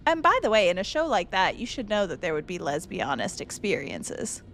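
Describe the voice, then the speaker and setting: A woman streaming a game live and chatting casually with her viewers, emotional and quick to laugh. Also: medium pitch, very animated, a little hiss or hum.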